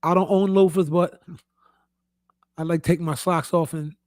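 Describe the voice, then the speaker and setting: A man's voice: on the high side, fairly even intonation, measured pace, a little mellow. A man co-hosting a podcast in casual chat, joking and laughing often. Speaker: podcast co-host.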